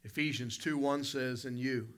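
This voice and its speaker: A man's voice: medium pitch, steady tone, moderate pace, fairly bright tone. A man, preaching a sermon and telling a folksy personal story, calling out to people in the congregation. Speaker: pastor.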